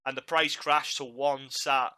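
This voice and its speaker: A man's voice: medium pitch, fairly even intonation, a little slow, sharp tone, clean tone. A man hosting a podcast, chatting casually and animatedly, laughing at his own mishaps and repeating words as he goes. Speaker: podcast host.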